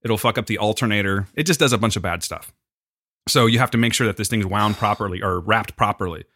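A man's voice: on the low side, fast, a bit bright, dry recording, studio quality. A young man co-hosting a casual chat, joking and rambling with mock-serious asides. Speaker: podcast co-host.

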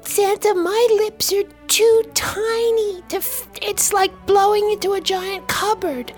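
A woman's voice: steady tone, a little slow, a little mellow, soft background music. A woman voicing a tiny whiny baby-man. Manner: whiny, squeaky, childish.

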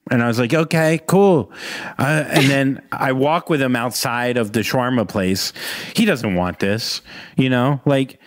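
A man's voice: medium pitch, moderate pace, a bit bright, dry recording. A man telling a long, rambling anecdote as a podcast guest, acting out the quotes. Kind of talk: casual storytelling.

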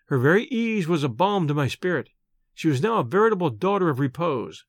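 A man narrating a story in the first person, reading in a measured, expressive manner. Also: fairly high pitch, dry recording, clean studio sound. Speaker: audiobook narrator. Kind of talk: scripted narration.

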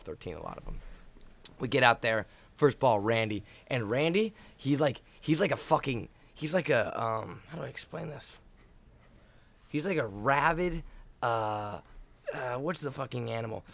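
A man's voice: mid-range voice, a bit bright. A young man telling a rambling, profanity-laced story in casual chat, hyped-up and emotional. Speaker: podcast co-host, volleyball player.

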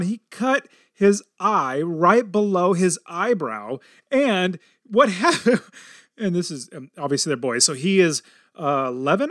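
A man's voice: sits high, dry recording, studio quality. A middle-aged man hosting a podcast, telling a family story in a casual, upbeat way. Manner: energetic and upbeat, tells stories animatedly. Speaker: podcast host.

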